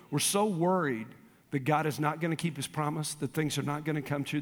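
Pastor guy preaching, high voice, goes from quiet to yelling, big echo hall. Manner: call-and-response preaching, swinging from hushed to shouting. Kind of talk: sermon.

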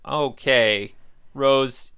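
A man's voice: medium pitch, very slow, pushed and bright, smooth, exaggerated voice. A man improvising a flustered sitcom handyman husband who stammers when cornered. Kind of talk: improvised comedy scene.

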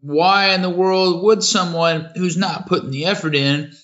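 A man co-hosting a casual podcast, laid-back and deadpan, swearing casually. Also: high voice, a little slow, muffled recording. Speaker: podcast co-host.

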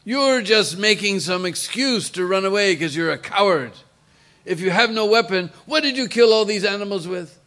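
A man's voice: high-pitched, expressive, moderate pace, sharp tone, pitched above the performer's own voice. A man playing a bold young warrior prince who speaks with defiant, scolding force.

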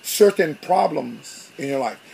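High-voiced man preaching a lively sermon. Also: unhurried, creaky, slight background noise. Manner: animated storytelling, acting out both sides of an argument. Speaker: pastor.

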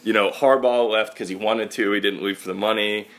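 A man's voice: fairly low pitch, fairly even intonation, a little fast, fairly bright tone. A man hosting a podcast, telling a wry, profane, rambling story in casual chat. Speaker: podcast host.

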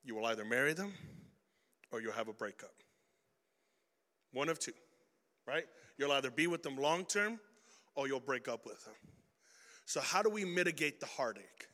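A young man preaching an energetic youth sermon, telling stories in slang and swinging from loud bursts to hushed points. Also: medium pitch, normal speed, pauses often, long reverb tail. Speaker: youth pastor.

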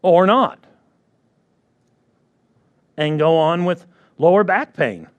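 A man's voice: on the high side, animated, slow, narrow, tinny audio. A man preaching a sermon who repeats his key phrases and keeps asking the congregation for agreement.

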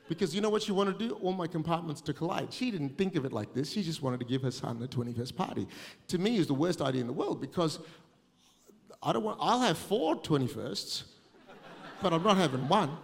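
A man with an Australian accent preaching a sermon, telling stories with lively, self-mocking humor. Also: fairly high pitch, big-room sound.

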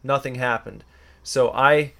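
A man's voice: medium pitch, steady tone, measured pace, creaky, a bit bright. A man co-hosting a podcast, chatting loosely and rambling with fillers. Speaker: podcast co-host. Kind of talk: casual podcast chat.

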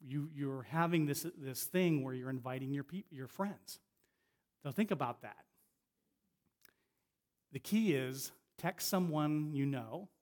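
A middle-aged man preaching as a guest speaker in a conversational way, often restarting phrases and slowing down to stress a point. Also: mid-range voice, darkish tone. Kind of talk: sermon.

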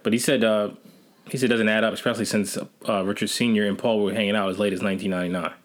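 A man's voice: fairly low pitch, level tone, rapid-fire. A man co-hosting a casual podcast, making blunt profane remarks and reading news aloud.

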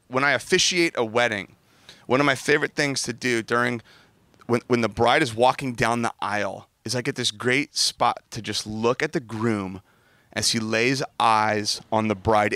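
A man in his thirties, a pastor preaching outdoors by the water, telling lively family stories and doing playful voices for his kids. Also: medium pitch, no echo. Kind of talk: sermon. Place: outdoors by a large body of water.

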